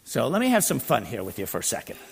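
A man preaching a sermon and reading scripture, animated and swinging between loud emphasis and quiet asides. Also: mid-range voice, fast, gravelly, husky. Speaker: pastor. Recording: long reverb in a large hall.

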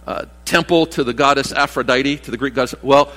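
In a church hall with long reverb, a pastor in his sixties delivers a folksy, rambling sermon packed with restarts and asides. His medium-pitched voice moves a little fast and sounds bright and forceful.

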